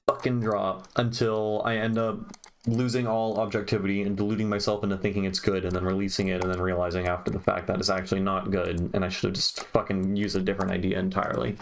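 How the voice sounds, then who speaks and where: A man's voice: lowish voice, a little hiss or hum. A young man who produces music, talking to himself in exasperated, swearing mutters while he works on a mix. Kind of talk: frustrated self-talk while mixing. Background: keyboard clicks and typing.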